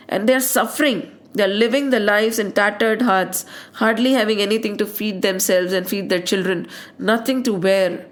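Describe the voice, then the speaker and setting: A woman with an Indian accent explaining scripture as a spiritual teacher, mixing Hindi words into English and asking her listeners one rhetorical question after another. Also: medium pitch.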